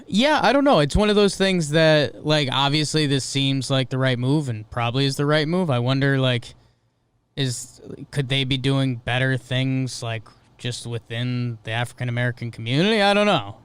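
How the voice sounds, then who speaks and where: Curious male co-host with a smooth voice. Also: medium pitch, moderate pace, dry recording. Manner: curious, muses aloud, asks questions. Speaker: podcast co-host. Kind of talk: casual chat.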